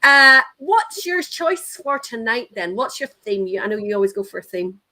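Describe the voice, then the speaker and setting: A woman's voice: fairly high pitch, very animated, normal speed, sharp tone, poor audio. A woman hosting a livestream, chatting casually and reading out viewer names. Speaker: host.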